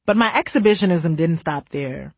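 A woman's voice: low voice, animated, normal speed, a little mellow, breathy edge, no echo. A woman from the United States, narrating her own memoir in a candid, wry way.

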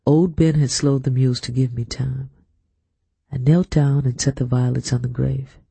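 A man narrating an audiobook in a steady, measured storytelling manner. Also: mid-range voice, vocal fry, husky, no echo. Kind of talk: scripted narration.

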